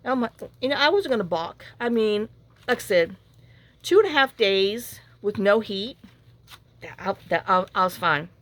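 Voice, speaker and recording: A woman's voice: mid-range voice, expressive, normal speed, fairly bright tone. A woman, chatting frankly and rambling through a story as a crafting vlogger at her home craft table. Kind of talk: casual storytelling chat while crafting.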